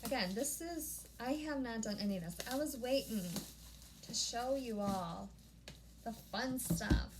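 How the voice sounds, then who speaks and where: A woman vlogging a casual unboxing at home, gushing and easily excited, often breaking off mid-sentence. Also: on the high side, measured pace, noisy background. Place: home room.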